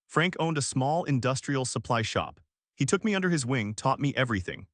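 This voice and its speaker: A man's voice: mid-range voice, lively intonation, a little fast, a bit bright, dry recording, clean studio sound. Man narrating a story. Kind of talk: first-person story narration.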